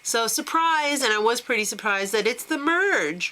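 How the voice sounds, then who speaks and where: A woman's voice: fairly high pitch, animated, moderate pace, sharp tone, poor audio. A woman hosting a casual reality-TV recap, talking in a gossipy, snarky way and giggling often. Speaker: show recap host.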